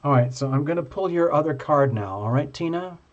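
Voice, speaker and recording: A man hosting a live tarot reading, chatty and playful, reading the card texts aloud slowly. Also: fairly high pitch, animated, lo-fi sound. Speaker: tarot reader.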